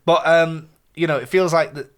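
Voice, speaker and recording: Animated, swearing man. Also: on the high side, normal speed, smooth. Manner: animated, swears freely, lively ups and downs. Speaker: podcast co-host. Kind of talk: casual gaming chat.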